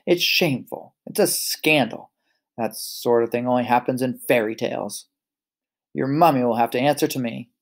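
A man's voice: mid-range voice, fairly even intonation, a little fast, a little mellow, lightly acted. A man voicing a fussy, proper wolf. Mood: indignant. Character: polite, fussy grown male wolf.

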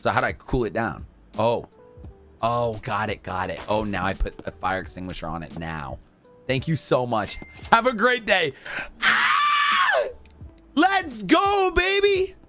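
A young man giving casual gameplay commentary, talking to himself and to in-game customers, swinging from mumbles to shouts. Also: on the low side, sing-song, normal speed, over music. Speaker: gaming YouTuber.

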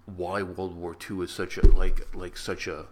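A man's voice: deep voice, level tone, a little slow, noisy background. A man reviewing a film in a rambling, heartfelt vlog monologue. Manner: rambling, heartfelt, many restarts.

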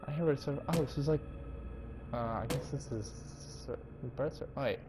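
A man's voice: medium pitch, moderate pace, music in the background. A young man commentating a horror game, jumpy and panicky, swearing and repeating "no, no" and "go, go". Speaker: let's play gamer.

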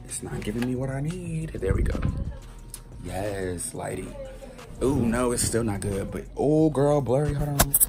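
A young man who works as a grocery cashier, vlogging casually on his phone. He talks in a chatty, sassy way, cusses freely, jumps into loud, high squeals, and sounds worn out. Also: lively intonation, measured pace. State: tired. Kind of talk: casual first vlog to camera. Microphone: phone camera held in hand.

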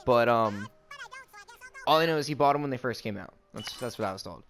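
A man's voice: medium pitch, a little fast, a bit bright. A young man casually telling a rambling story, full of fillers and swearing, while playing a game with friends. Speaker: let's play co-host. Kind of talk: casual storytelling over gameplay. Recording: game music faintly behind.

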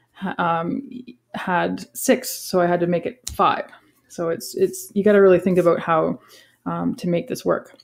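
A woman in her forties explaining a lesson to students in a relaxed, casual way, with frequent ums and self-corrections. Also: lowish voice, creaky. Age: 40s. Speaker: teacher.

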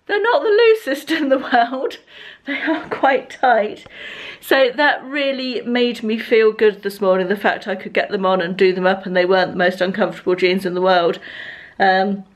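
A woman's voice: medium pitch, normal speed. An English woman in her fifties chatting through her day in a rambling, self-mocking daily vlog, filmed on a handheld camera in her car and at home. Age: 50s. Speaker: lifestyle vlogger. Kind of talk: casual daily vlog chat.

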